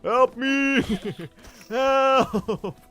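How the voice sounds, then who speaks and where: A man's voice: wildly swooping pitch, takes it slowly, soft background music, full character voice. A man doing a shrieking panicked milkshake guy. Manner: shrill frantic yelling. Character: panicked man screaming for help over a milkshake.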